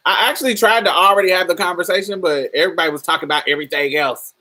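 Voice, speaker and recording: A woman's voice: fairly low pitch, very fast, pushed and bright, rough recording. A woman hosting a long casual livestream podcast, chatting, laughing often and calling people honey and baby. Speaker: podcast host.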